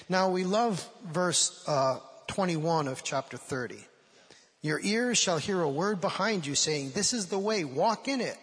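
A man's voice: on the high side, fairly bright tone, slightly rough, in a large hall. A man giving sermon-style Bible teaching, acting out quoted voices with rising emotion.

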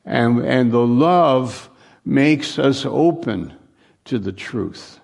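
A man's voice: mid-range voice, vocal fry, a little mellow. A man preaching a conversational sermon, repeating phrases for emphasis. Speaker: pastor.

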